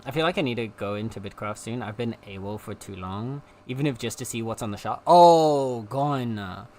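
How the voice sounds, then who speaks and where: A young adult streamer with a slight South African accent, chatting casually and rambling between topics with frequent giggles. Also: medium pitch. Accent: slight South African, between British and American. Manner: giggly, rambling, easily sidetracked. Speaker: live streamer.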